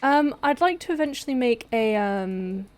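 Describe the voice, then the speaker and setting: A woman's voice: fairly high pitch, lively intonation, moderate pace. A young woman streaming a game, chatting casually, rambling and swearing now and then. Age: young adult. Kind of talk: casual gameplay chat. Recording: noisy stream audio.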